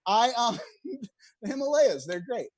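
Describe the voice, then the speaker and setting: Delivering a self-mocking stand-up routine over a video call from home, streamed online, a young man laughs at his own material. His voice is very high and sing-song, at a measured pace.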